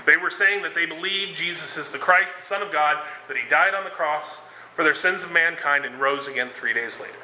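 Bright-voiced man preaching in an echoey room. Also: a little high, fairly quick, slight background noise. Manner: conversational, with frequent fillers and restarts. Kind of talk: sermon.

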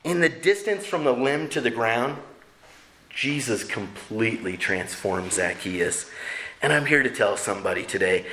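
A man's voice: lively intonation, normal speed, sharp tone, a little hiss or hum. A man preaching a sermon to his church, acting out characters in a raised voice and joking with the congregation. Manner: acts out characters with raised pitch, jokes with the congregation. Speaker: pastor. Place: church sanctuary.

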